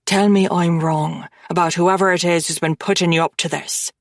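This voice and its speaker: A woman voicing a cold, dangerous mafia man who speaks calmly and conversationally, with quiet menace in an audiobook. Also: fairly low pitch, normal speed, no room sound, studio quality, pitched below the performer's own voice, close to an everyday voice. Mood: coldly persuasive. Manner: calm, conversational, quietly threatening.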